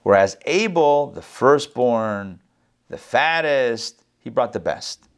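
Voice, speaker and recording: A man's voice: medium pitch, expressive, slow, clear, resonant tone. A middle-aged man giving a conversational Torah lesson. He jokes often, repeats words as he goes, and adds chatty asides. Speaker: rabbi teaching Torah class.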